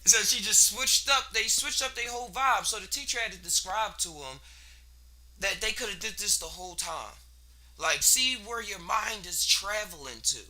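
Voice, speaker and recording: High, bright-voiced man musing casually. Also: normal speed. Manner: rambling, laid-back, slangy, laughs between thoughts. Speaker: podcast host. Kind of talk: casual solo monologue.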